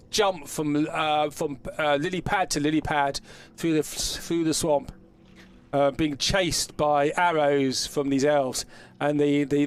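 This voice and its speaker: High-voiced man running a tabletop game. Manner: rambling, self-correcting narration with frequent restarts. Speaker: game master.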